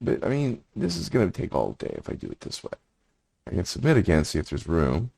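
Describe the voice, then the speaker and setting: A man's voice: low voice, huge pitch swings, fairly quick, creaky, darkish tone, slightly rough. A man walking through a screen demo, reading generated text aloud and muttering his thoughts between passages. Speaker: prompt engineering instructor.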